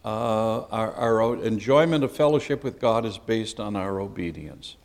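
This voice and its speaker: A man, a pastor, teaching a sermon in an animated, emphatic and conversational way. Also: on the low side, a little slow, big-room sound.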